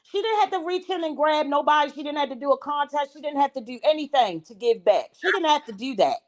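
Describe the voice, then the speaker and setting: Animated woman host dishing gossip. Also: sits high, quick pace. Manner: blunt, animated, slangy and emphatic. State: eating while talking. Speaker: show host. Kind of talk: casual gossip commentary chat.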